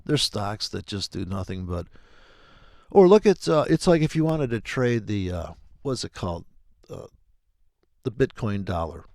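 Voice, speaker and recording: A middle-aged man rambles through a loose, profane trading monologue. His voice is gravelly and his pitch leaps around as he jokes. The sound is dry and close, with no room echo. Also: very animated, a little slow, a little mellow. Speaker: forex trading video host.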